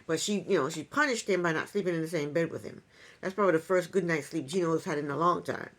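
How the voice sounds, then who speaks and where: A woman's voice: lowish voice, fast talker. A woman giving a casual reality TV recap in an opinionated, sarcastic way, with chuckling asides.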